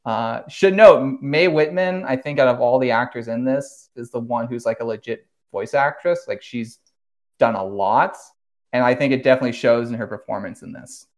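Animated man recapping a show. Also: medium pitch, moderate pace. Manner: animated recapper, swears, laughs often. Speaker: podcast host. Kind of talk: casual podcast discussion.

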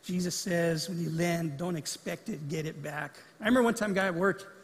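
A man's voice: fairly high pitch, a little fast, breathy edge. A man pastor giving a conversational sermon in a church sanctuary and acting out short quotes as he goes. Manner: conversational preaching that acts out quotes. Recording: long reverb of a large hall.

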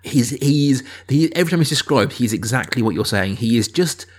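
A man's voice: medium pitch, fairly quick. A man in his thirties chatting on a podcast, telling stories with hesitant restarts. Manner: animated storytelling with hesitant restarts. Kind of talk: casual chat.

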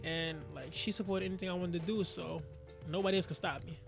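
A man who is a rapper, guest on an interview show, telling stories in lively casual talk and acting out voices. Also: sits high, fast talker, vocal fry, faint music behind. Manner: animated storyteller, acts out quotes.

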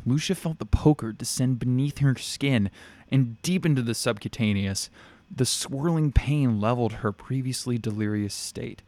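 A man reading a dark fantasy story aloud in a steady, measured way. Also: mid-range voice, dry recording. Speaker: narrator.

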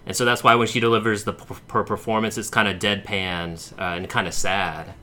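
A man with a somewhat low but bright, forward voice co-hosts a casual podcast chat. He rambles, wanders through his sentences and leans on fillers. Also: level tone, brisk. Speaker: podcast co-host.

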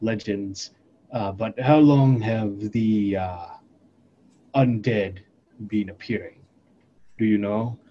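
A man playing a tabletop game, speaking in a hesitant, measured way. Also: on the low side, mellow. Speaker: player. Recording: dull mic with faint hiss.

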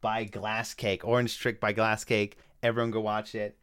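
Male podcast co-host, casual and rambling, smooth resonant tone. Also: lowish voice, level tone, normal speed, fairly bright tone. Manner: rambling, many restarts and chuckles. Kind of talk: casual chat reviewing front-page submissions.

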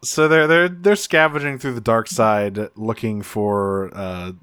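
A man's voice: on the low side, a little slow, fairly bright tone, clear, resonant tone, no room sound, clean studio sound. A man hosting a podcast, retelling a cartoon episode in casual chat with a rambling, self-restarting manner. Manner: rambling recap with frequent restarts. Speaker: podcast host.

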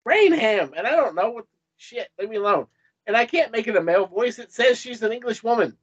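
Husky flustered man on a dull mic. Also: extremely high pitch, expressive, brisk. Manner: flustered, self-deprecating, swears. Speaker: reader. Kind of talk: casual chat, reading aloud.

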